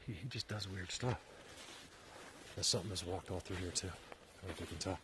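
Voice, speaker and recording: A man's voice: low voice, brisk, background noise. A man vlogging on a forest walk, talking in a rambling way while out of breath, repeating himself and getting worked up. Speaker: vlogger searching for Bigfoot signs. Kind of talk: casual walking commentary. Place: outdoors in a forest.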